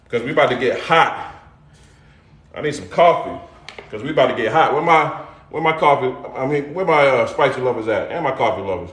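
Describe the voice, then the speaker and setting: A man's voice: medium pitch, expressive, brisk, fairly bright tone, echoey room. A middle-aged man hosting a casual live cooking demo, loose and chatty, calling out to his viewers. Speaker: cooking show host. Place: home kitchen.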